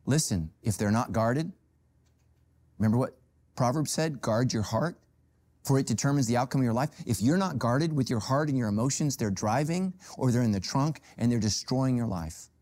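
A middle-aged male pastor preaching a sermon, telling stories with humor and sudden jumps in pitch. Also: lively intonation, moderate pace, a little mellow. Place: church stage with a golf cart prop.

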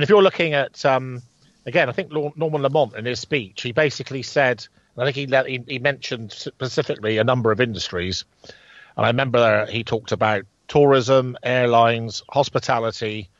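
A man co-hosting a casual chat, stopping and restarting his thoughts with plenty of ums. His voice sits at a middle pitch and comes through dry and slightly dull, like a lo-fi recording. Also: no room sound. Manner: hesitant, many fillers and restarts. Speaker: co-host.

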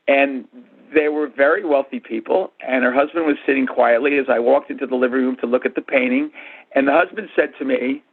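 Man in his sixties, husky, lively storyteller, phone-quality sound. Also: mid-range voice, brisk. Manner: animated storyteller, acts out quotes. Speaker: guest, art and antique dealer. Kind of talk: storytelling interview answers. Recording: tinny phone-line audio.

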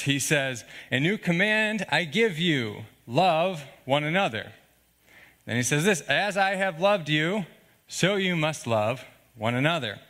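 This pastor preaches a sermon earnestly and conversationally, often checking in with the congregation through asides like "okay?" and "all right?". His voice is medium-pitched with a sharp edge.

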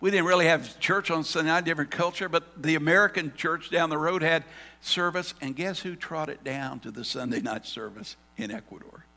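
A male pastor preaching a sermon, telling the story dramatically and swinging between loud and hushed. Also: a little high, moderate pace, vocal fry, in a large hall. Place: church sanctuary.

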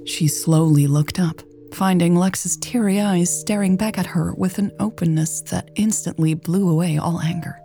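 A woman narrating a romance story in a calm, gentle and intimate reading. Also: fairly low pitch, moderate pace, vocal fry, faint music behind.

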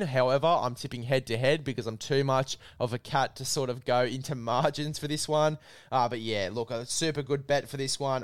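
A man's voice: mid-range voice, smooth, dry recording. A man hosting a casual sports podcast, chatting matey about bets and plugging a sponsor. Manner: matey, hypes bets and sponsor with filler "mate". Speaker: podcast host.

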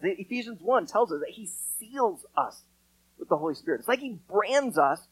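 A man preaching a sermon in a casual, conversational way, acting out quotes with lively storytelling. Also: high-pitched, husky, no echo, low-quality recording. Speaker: pastor.

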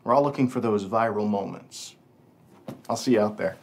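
An actor playing a smooth, pushy male host of a TV panel show in a drama. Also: lowish voice, moderate pace, noisy background. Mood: persuasive. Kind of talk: TV drama acting.

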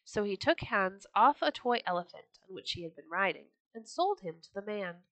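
A woman reading old children's stories aloud for a podcast, gentle and expressive. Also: mid-range voice, moderate pace, dry recording, rough recording. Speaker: storyteller. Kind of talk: storybook read-aloud podcast.

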